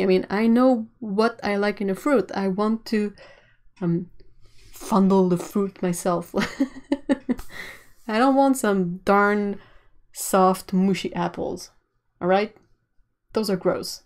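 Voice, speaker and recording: Drawing on stream, an artist from Canada chats and rambles, frequently breaking into laughter. She speaks slowly with long pauses, in a medium-pitched voice with a darkish tone.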